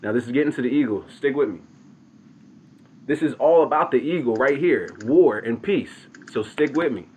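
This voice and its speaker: A man casually retelling a story aloud, animated and slangy, calling out to his listeners. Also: mid-range voice, normal speed, slight background noise.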